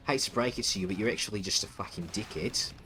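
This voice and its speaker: A male streamer in the middle of a scornful, profanity-laced rant, tripping over his own words as he doubles back. His voice runs on the low side. Soft music plays behind him. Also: fast. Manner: contemptuous, stuttering restarts, swearing. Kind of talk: ranting stream commentary.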